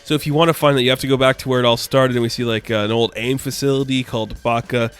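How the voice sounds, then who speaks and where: A man casually recapping a comic book issue, rambling and animated, with many filler words and quick put-on quotes. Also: medium pitch, clear, resonant tone, faint music behind.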